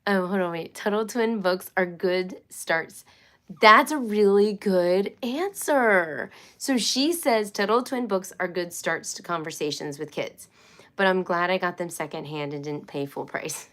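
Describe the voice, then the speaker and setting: A woman's voice: fairly low pitch, normal speed. A woman hosting a casual homeschool live stream, chatty and rambling, with many fillers and restarts. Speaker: homeschool livestream host.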